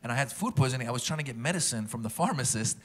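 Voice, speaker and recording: A man performing a stand-up comedy set, animated and acting out the people in his stories. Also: mid-range voice, very fast, slightly rough. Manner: animated, acts out characters. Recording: live stage recording with a loud audience. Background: loud audience laughter.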